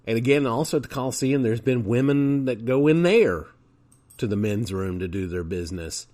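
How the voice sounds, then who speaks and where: A man's voice: medium pitch, lively intonation, normal speed, a little mellow. A man hosting a podcast, telling casual, chatty anecdotes in a monologue. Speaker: podcast host.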